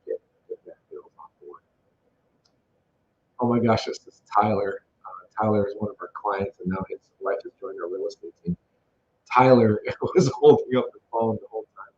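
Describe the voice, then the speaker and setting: A man with a lowish, darkish voice talks at normal speed over photos from an event he organized. His slideshow commentary is casual, enthusiastic and rambling, with lots of fillers, and the recording sounds dull and lo-fi with faint noise.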